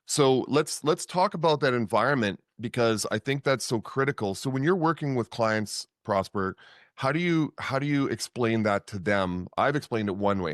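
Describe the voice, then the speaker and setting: A man's voice: lowish voice, dry recording, studio quality. A man hosting a podcast in a conversational interview, talking hesitantly with many restarts. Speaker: podcast host.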